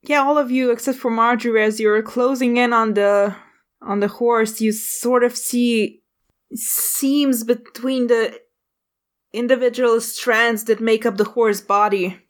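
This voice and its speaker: Running a tabletop game, this woman game master calls for dice rolls and narrates scenes in a halting way. She speaks at a fairly high pitch with a steady tone.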